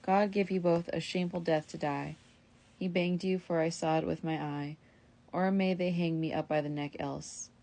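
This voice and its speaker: A woman's voice: lowish voice, fairly even intonation, normal speed, dark tone, natural voice. A woman reading the part of an old, jealous husband who cries out in outrage in a storybook reading. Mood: outraged. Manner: outraged, then placating. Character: old jealous husband, newly sighted, bellowing.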